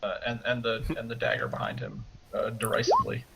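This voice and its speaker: A man playing in a tabletop game, joking in a deadpan way about his character. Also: mid-range voice, quick pace, gravelly, loud music behind the voice, poor audio. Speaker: player. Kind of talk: playful tabletop role-play.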